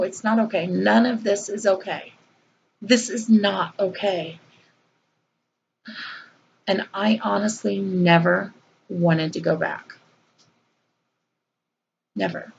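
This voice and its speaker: A woman's voice: lowish voice, gravelly, highs cut off, slight background noise. A woman vlogger, earnestly telling a personal story in a conversational way with fillers and repeats.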